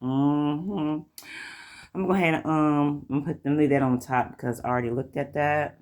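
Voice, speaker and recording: A man's voice: on the high side, fairly even intonation, brisk. Rambling Southern man reading tarot. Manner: rambling, repeats "like I said" and "you know". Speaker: tarot reader. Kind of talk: casual tarot reading to camera.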